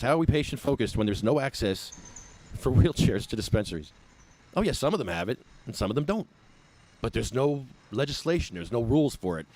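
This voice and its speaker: Man, activist, sarcastic rant, lively swooping pitch, phone livestream outdoors. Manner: exasperated, ranting, sarcastic. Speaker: cannabis patient activist.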